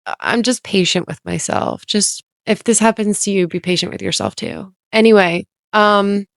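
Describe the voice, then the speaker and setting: A woman's voice: mid-range voice, animated, normal speed, vocal fry, dry recording, clean studio sound. A woman telling a personal story on a podcast in a rambling, candid way, often interrupting herself and using lots of "like". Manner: rambling, self-interrupting, heavy use of "like"; candid, occasionally swears.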